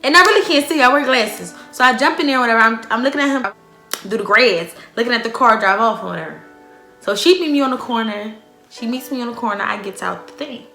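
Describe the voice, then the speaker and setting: A young woman vlogger telling a story in a dramatic, animated, profane storytime style. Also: a little high, fast, gravelly, soft background music. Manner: profane, slangy. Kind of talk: casual storytime. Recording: echoey room.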